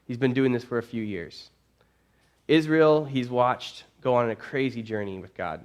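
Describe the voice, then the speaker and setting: A man preaching a sermon as a pastor, retelling a story with animated, casual phrasing. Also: mid-range voice, moderate pace, smooth, lo-fi sound. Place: church.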